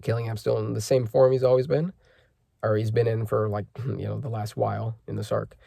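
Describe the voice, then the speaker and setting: A man's voice: on the low side, level tone, a little fast, vocal fry, mellow, no echo, clean studio sound. A man hosting a casual manga chapter reaction, rambling with lots of fillers and self-corrections as he reads panels aloud.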